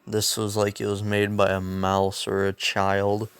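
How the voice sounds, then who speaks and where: A brash young hero speaks low and slow, as a man puts him on, each word a lazy boast. The voice sits below the storyteller's own and drags with smug confidence. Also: monotone, clear, resonant tone, dry recording. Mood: cocky. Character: boastful young male hero, cocky and blunt.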